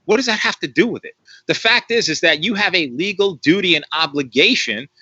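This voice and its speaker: A man's voice: sits high, expressive, a little fast, bright, forceful tone, slightly rough, no echo, dull audio. A man speaking as an interview guest on a live stream, emphatic and repetitive, asking rhetorical questions. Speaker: guest commentator on policing.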